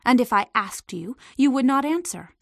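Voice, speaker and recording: A woman voicing a calm, solemn man in a storybook reading, speaking softly and partly in a whisper. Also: a little high, moderate pace, gravelly, dry recording, clean studio sound. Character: calm grown man, gentle and solemn teacher.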